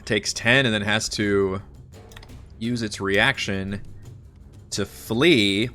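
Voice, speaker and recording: A man's voice: on the low side, steady tone, slow, bright, forceful tone, soft background music. A man narrating as the dungeon master of an online tabletop game, laid-back and laughing often. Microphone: home microphone on voice chat.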